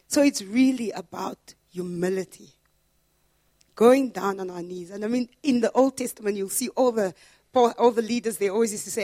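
A woman pastor preaching a sermon in an earnest way, building to loud, emphatic repetitions. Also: medium pitch, normal speed, dry recording, clean studio sound.

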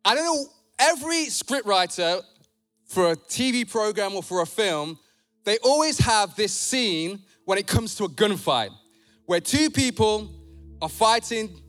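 A man's voice: high voice, sing-song, a little slow, fairly bright tone, faint music behind. A man preaching a sermon at a church service, passionate and emphatic, with blunt, direct appeals to his congregation.

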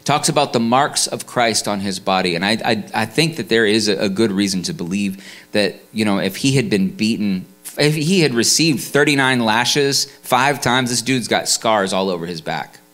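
A man's voice: fairly low pitch, expressive, normal speed, a bit bright. A man preaching a sermon in a conversational way, full of restarts and fillers. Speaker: pastor.

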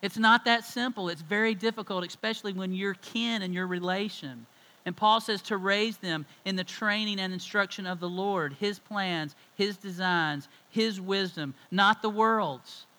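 A middle-aged male pastor delivering a sermon with emphatic, conversational storytelling. His voice sits a little high and rings bright and forceful. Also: moderate pace, rough recording.

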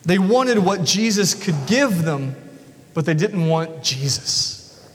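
A male pastor preaching a sermon in a church, telling the story in an animated way. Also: sits high, slow. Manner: storytelling, animated, acts out voices. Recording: long reverb of a large hall.

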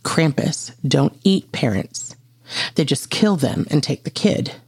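A gruff monster-hunting agent with a dry, unhurried drawl, as a storyteller puts him on. The voice is husky and gravelly. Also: male voice, fairly high pitch, lively intonation, dry recording, full character voice.

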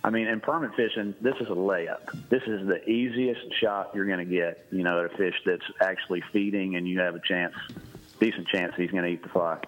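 A man's voice: sits low, brisk, low-quality recording. A man casually telling a long fishing anecdote on a podcast, laughing as he rambles. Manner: rambling, laughing storyteller with restarts. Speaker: guest storyteller.

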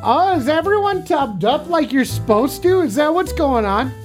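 A man's voice: very high voice, big pitch swings, normal speed, faint music behind. A man livestreaming, bantering crudely and teasingly with his chat in a casual way.

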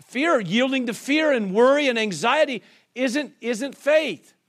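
High-voiced preacher man, rising fervor. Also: lively intonation, measured pace. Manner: call-and-response preaching, rhetorical questions, acts out quoted voices. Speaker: pastor. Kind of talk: sermon.

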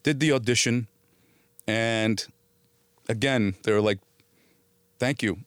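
A man's voice: lowish voice, measured pace, smooth, dry recording, clean studio sound. Swearing New man telling stories. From born in Italy, raised in New Jersey. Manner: animated storyteller, acts out quoted voices, swears freely. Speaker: guest actor. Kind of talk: storytelling in a podcast interview.

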